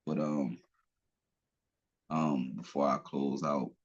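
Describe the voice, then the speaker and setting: A man's voice: extremely low pitch, fairly even intonation, slow pace, husky, lo-fi sound. A man hosting a podcast, talking bluntly and profanely in a rambling, casual way with frequent restarts. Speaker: podcast host. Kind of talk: casual opinion talk.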